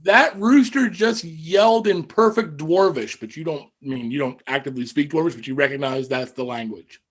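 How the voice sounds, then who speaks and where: Ein Mann als Spielleiter, eher hohe Stimme. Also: male voice, a little high. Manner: relaxed, wry, with halting restarts. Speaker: game master. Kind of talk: narrating a tabletop game over voice chat.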